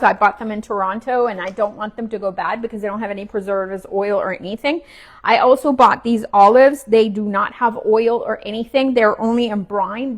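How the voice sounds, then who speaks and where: A woman with a slightly high voice chats her way through a home cooking demo. She talks loosely and casually as she works, and sometimes she is chewing. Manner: chatty, relaxed, talks while cooking and chewing. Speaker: cooking vlogger. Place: home kitchen.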